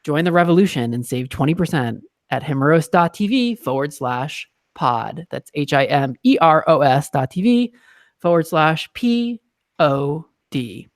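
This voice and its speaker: A man's voice: a little high, animated, a little slow, no echo, studio quality. A man hosting a casual podcast chat, playful and teasing, laughing often as he talks. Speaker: podcast host. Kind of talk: casual chat and read sponsor message.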